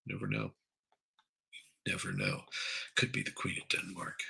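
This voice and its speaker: Gravelly, husky-voiced male streamer. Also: low-pitched, very animated, a little slow, pushed and bright, low-quality recording. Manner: rambling, crude, reads chat aloud. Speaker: livestream host. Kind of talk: casual live-stream commentary.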